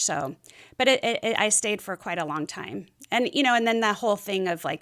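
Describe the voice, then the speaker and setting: A woman's voice: on the low side, a bit bright. A middle-aged woman speaking as a podcast guest, telling her story candidly and rambling a little, with plenty of fillers. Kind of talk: casual interview chat.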